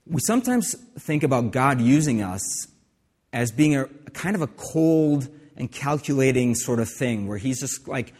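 A man's voice: mid-range voice, expressive, measured pace, darkish tone, slightly rough. Male pastor, casual preaching style with restarts, recorded in a reverberant hall. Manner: conversational preaching with asides and restarts. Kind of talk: sermon.

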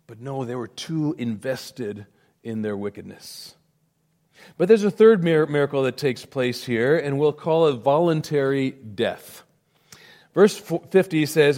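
A male pastor preaching a sermon. He swells into loud emphasis and then drops to a near hush. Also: medium pitch, lively intonation, a little slow.

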